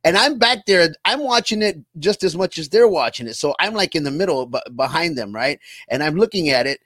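A man's voice: fairly high pitch, animated, brisk, fairly bright tone, no room sound, studio quality. A man telling his own story in casual chat, laughing and self-mocking as he goes. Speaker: guest.

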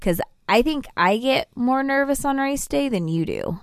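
A woman co-hosting a casual podcast with her partner, playful and quick to swear. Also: high voice, expressive, clear, resonant tone, no echo, clean studio sound. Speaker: podcast co-host. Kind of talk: casual couple chat.

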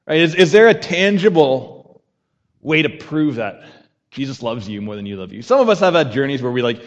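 A man's voice: mid-range voice, very animated, brisk, in a large hall, lo-fi sound. A man preaching a conversational sermon as pastor, repeating a key phrase and having the congregation say it back.

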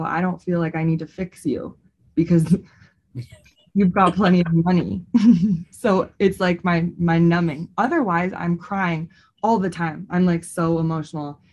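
Low-pitched chatty woman co-host. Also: normal speed, highs cut off. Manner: chatty and expressive, lots of "like". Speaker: podcast co-host. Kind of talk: casual chat.

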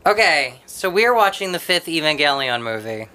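A woman's voice: deep voice, normal speed. A young woman co-hosting a podcast, chatting casually and telling stories with lots of laughter. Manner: giggly, animated storyteller. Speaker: podcast co-host. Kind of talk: casual chat.

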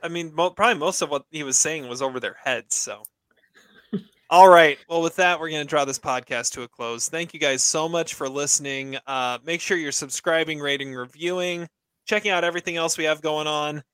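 Podcast host, male, bright and dry close-mic sound, casual and upbeat delivery. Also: fairly high pitch, fairly quick, clean tone, no echo. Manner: laughs often, runs the segments. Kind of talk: casual chat.

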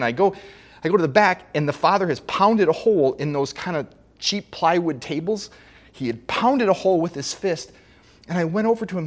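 A male pastor giving a sermon, telling a personal story in a halting, heartfelt way with frequent restarts. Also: a little high, breathy edge.

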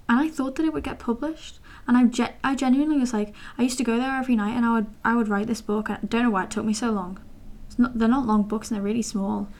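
Young woman, 19, fairly high voice, casual rambling vlog, self-deprecating. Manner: chatty, self-deprecating, many fillers and asides. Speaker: vlogger.

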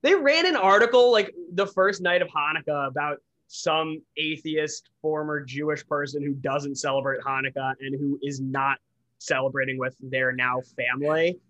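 A man's voice: a little high, moderate pace, a bit bright, muffled recording. A man co-hosting a podcast in casual chat, ranting bluntly and swearing freely. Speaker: podcast co-host.

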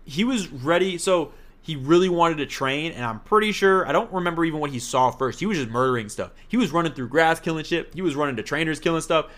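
A man's voice: fairly high pitch, quick pace. A man co-hosting a casual podcast, chatting animatedly and jokingly as he recaps a game playthrough. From Italian heritage. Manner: animated, jokey, slips into mock voices. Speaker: podcast co-host.

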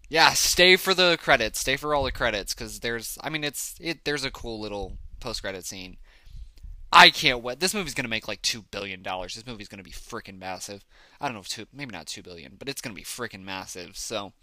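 A man's voice: mid-range voice, pushed and bright, no room sound. A man hosting his own podcast, reviewing films in a casual, enthusiastic, rambling way with lots of fillers. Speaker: podcast host. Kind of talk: casual solo film review.

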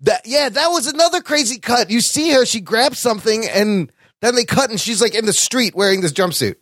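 High-voiced man chatting on a podcast. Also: animated, brisk, a bit bright, no room sound, studio quality. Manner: chatty, laughs along. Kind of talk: casual podcast chat.

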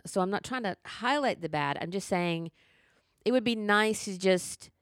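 A woman's voice: fairly low pitch, no echo, studio quality. A middle-aged woman ranting in casual chat, profane and emphatic.

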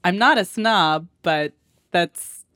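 A woman's voice: lowish voice, slow, fairly bright tone. A woman in her thirties from Southern California with a Valley Girl accent, co-hosting a casual podcast chat, giggly and saying "like" often. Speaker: podcast co-host.

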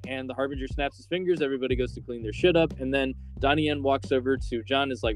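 A man's voice: medium pitch, steady tone, fast, few pauses. A man hosting a podcast, casually recapping a film's plot with lots of filler words. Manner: rambling, filler-heavy storytelling. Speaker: podcast host.

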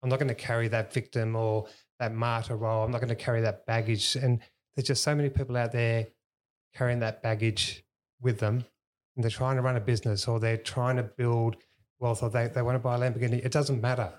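A man's voice: mid-range voice, little pitch movement, a little fast. A middle-aged man as a podcast guest, reflective and earnest, restarting his sentences as he thinks. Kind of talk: casual podcast conversation.

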